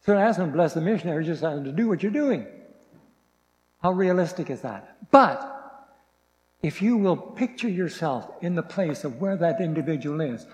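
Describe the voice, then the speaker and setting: A man preaching in a fairly high voice, slowing right down to stress words when he reads scripture. His voice rings out in a hall with long reverb. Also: mellow. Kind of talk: sermon.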